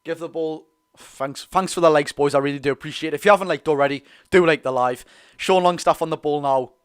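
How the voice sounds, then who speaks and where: A young man with a Geordie accent hosting a live football watch-along, chatty and excitable, bursting into loud reactions. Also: fairly high pitch, fairly quick, clean tone. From North East England. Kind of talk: live fan commentary.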